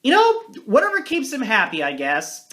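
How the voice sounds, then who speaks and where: A movie reviewer talking in a casual monologue, rambling and correcting themself often. They jump between loud, hyped-up lines and quiet muttered asides, and joke at their own expense. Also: mid-range voice, huge pitch swings, normal speed.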